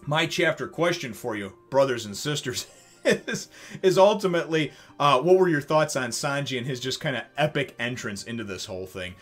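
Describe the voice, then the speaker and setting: A man talks from his desk at home, recapping a manga chapter in a loose, animated way. He acts out the characters' lines, swears freely, and laughs as he goes. Faint music plays behind him. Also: medium pitch, normal speed. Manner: animated, swears casually, voices quoted characters, laughs often. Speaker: manga reaction vlogger. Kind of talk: excited casual recap to camera.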